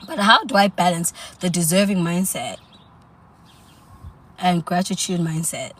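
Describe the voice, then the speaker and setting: A woman's voice: fairly low pitch, unhurried, fairly bright tone. Sassy woman hosting a coaching livestream. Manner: sassy, chatty, answers live comments. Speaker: self-improvement livestream host.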